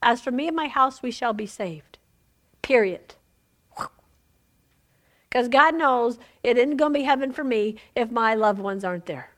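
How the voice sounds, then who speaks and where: A woman's voice: a little high, lively intonation, unhurried, pauses often, a bit bright. A woman teaching a women's Bible study in an informal sermon, chatty, laughing often and asking "Amen?" of her listeners.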